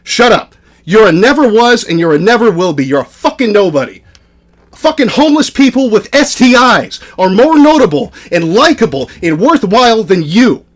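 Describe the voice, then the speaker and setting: A man's voice: sits high, big pitch swings, normal speed. A man hosting a live stream, in a furious, profane argument with a guest. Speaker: stream host.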